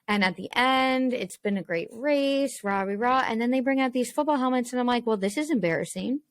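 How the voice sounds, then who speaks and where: A woman's voice: a little high, brisk, no echo, clean studio sound. A woman co-hosting a casual sports podcast, emphatic and jokingly exasperated. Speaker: podcast co-host. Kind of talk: casual chat.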